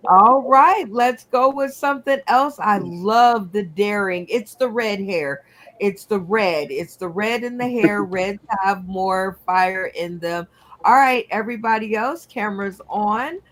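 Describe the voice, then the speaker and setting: A woman hosting a comedy game show over a video call, playful and unhurried as she recaps everyone's picks. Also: medium pitch, a bit bright, slight background noise.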